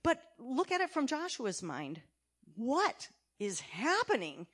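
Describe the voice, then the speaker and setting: A woman church elder preaching a sermon, emphatic, asking her congregation many questions and swinging between loud and quiet. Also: high voice, wildly swooping pitch, slow pace. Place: church sanctuary.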